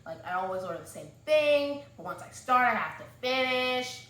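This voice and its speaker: A woman voicing a gruff, stubborn young male fisherman who talks in curt grumbles, recorded in an echoey room. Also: high voice, lively intonation, normal speed, a bit bright. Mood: grumbling.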